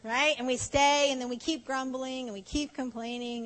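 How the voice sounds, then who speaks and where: A woman's voice: high voice, fairly even intonation, normal speed, few pauses, a bit bright. A woman preaching at a conference, playful and conversational, acting out little dialogues with laughs. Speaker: conference speaker. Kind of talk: conference sermon. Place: conference hall. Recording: long hall reverb.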